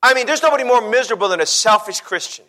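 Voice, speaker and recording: A man's voice: very high-pitched, animated, rapid-fire, bright, forceful tone. A man preaching a sermon as pastor, emphatic, stretching out scripture lists and repeating words as he builds each point.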